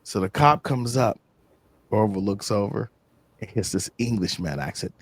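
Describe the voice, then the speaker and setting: A man being interviewed, telling casual stories in a slangy, animated way and acting out other people's lines. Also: on the low side, moderate pace, slightly rough. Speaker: interview guest. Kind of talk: casual storytelling.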